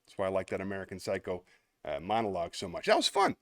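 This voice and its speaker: A man's voice: low-pitched, sing-song, quick pace, no room sound, clean studio sound. A man hosting a live stream, chatting upbeat with viewers and laughing between performances. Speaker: livestream host.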